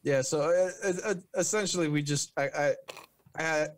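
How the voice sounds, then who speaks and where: A man guest in a casual talk-show chat, halting and restarting as he explains. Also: fairly high pitch, steady tone, dry recording.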